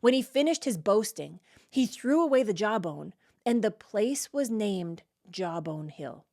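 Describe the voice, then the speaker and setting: A woman hosting a casual Bible study, reading verses aloud and then reacting and explaining them in everyday talk, often checking in with a quick "right?". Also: medium pitch, animated, darkish tone. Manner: frequent "like" and "right?" checks with the listener.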